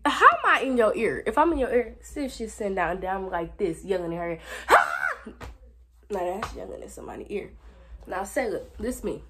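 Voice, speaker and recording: A teenage girl, telling a school story to her viewers in a sassy, animated way. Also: medium pitch, normal speed, slight background noise. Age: teens. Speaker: vlogger. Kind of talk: casual storytime vlog.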